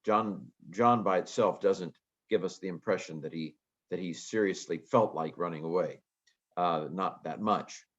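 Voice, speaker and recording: A man with a very low voice talks through Greek grammar as a casual lecture. He muses aloud and fills pauses with ums. The audio is muffled and lo-fi. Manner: relaxed, thinking aloud with frequent ums. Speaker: Greek teacher.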